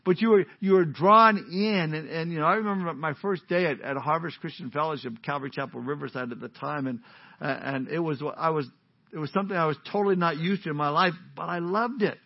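A pastor preaching a sermon in a casual, joking, conversational way, on a dull lo-fi recording. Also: male voice, a little high, a little fast, creaky. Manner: conversational, joking, warm-hearted.

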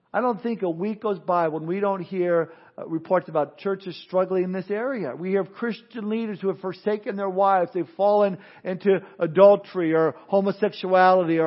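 High-voiced man preaching a sermon. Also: muffled recording. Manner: preaching with frequent repeated words and restarts. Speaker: pastor.

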